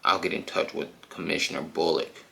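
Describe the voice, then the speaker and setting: A man doing a calm, polite older tech expert. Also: rumbling low, creaky, full character voice. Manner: measured, polite.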